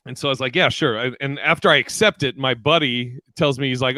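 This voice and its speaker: A man hosting a casual video-call chat among comedians, telling animated stories and acting out the voices in them. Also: medium pitch, fast, hardly any pauses, no room sound. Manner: animated storyteller, acts out voices in anecdotes. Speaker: podcast host.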